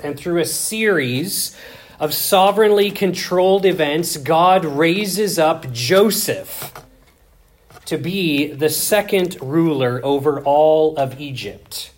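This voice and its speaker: A man preaching a sermon, reading scripture aloud with dramatic swings between loud emphasis and hushed asides. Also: fairly high pitch.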